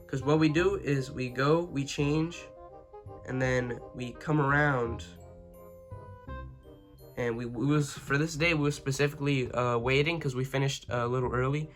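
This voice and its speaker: A man's voice: medium pitch, fairly bright tone. Rambling, foul-mouthed young man telling a story. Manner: rambling, profane, full of "you know what I'm saying". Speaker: vlogger. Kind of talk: casual storytime.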